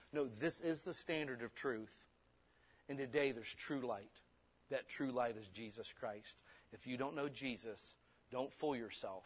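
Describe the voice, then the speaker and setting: A man preaching a sermon, blunt and forceful, slipping into quick mimicked excuses. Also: mid-range voice, breathy edge.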